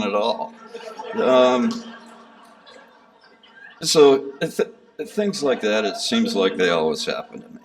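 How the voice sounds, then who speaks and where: Speaking casually in a gathering hall about a pilgrimage, a man rambles and pokes fun at himself with lots of fillers. His mid-range voice is very animated yet slow, with long pauses, and he stands somewhat far from the mic.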